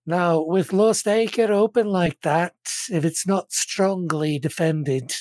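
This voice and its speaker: A game master voicing an older male crime boss who speaks in a measured, formal and courteous way. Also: mid-range voice, a little mellow, no echo, close to an everyday voice.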